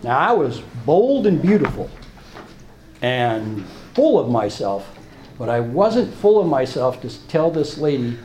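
A man telling his recovery story at a meeting, halting and repeating himself, with emotional swings. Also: medium pitch, very animated, dark tone, slight background noise. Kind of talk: personal testimony talk. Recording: echoey room, faint ambience.

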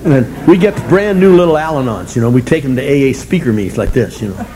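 A man's voice: mid-range voice, animated, quick pace, dark tone, a little hiss or hum, low-quality recording. An older man speaking to a recovery meeting audience, blunt and self-mocking, chuckling as he tells his story. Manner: wry, self-mocking humor, chuckling often; blunt, colorful language.

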